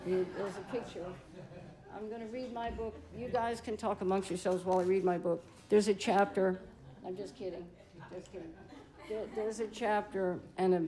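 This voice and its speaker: An older woman, a blues singer and guitarist, telling an animated, chatty story between songs on a live-stream stage, laughing easily. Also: lowish voice, rough recording.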